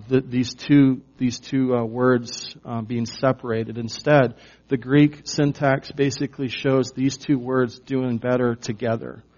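A man's voice: medium pitch, a little mellow. Conversational male preacher, slightly dull audio. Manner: conversational, emphatic, many fillers. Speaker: pastor. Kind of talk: sermon teaching.

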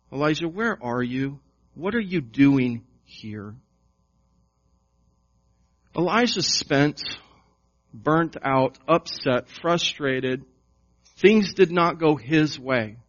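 A male pastor delivers a sermon at an unhurried, deliberate pace, driving his points home with repeated questions. His voice sits a little high for a man. The recording is dull and lo-fi. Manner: slow, emphatic preaching with repeated questions. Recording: dull lo-fi sound.

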